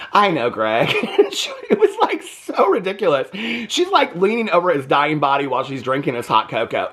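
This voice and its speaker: A man's voice: mid-range voice, a bit bright. An American man reviewing books in a casual, chatty way, often breaking into laughter. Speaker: book reviewer. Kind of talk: casual chat.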